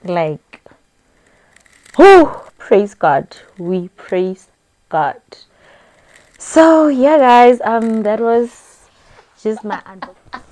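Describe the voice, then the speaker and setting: High, slow-talking South African woman vlogger. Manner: excitable, giggly, switching between languages. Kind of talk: casual vlog chat.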